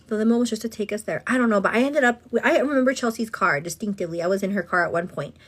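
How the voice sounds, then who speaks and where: A woman's voice: mid-range voice, very fast. A woman vlogger telling a long story in casual get-ready-with-me chat. She rambles, keeps calling the listener "girl" and slips in the odd Spanish phrase. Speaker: vlogger and host.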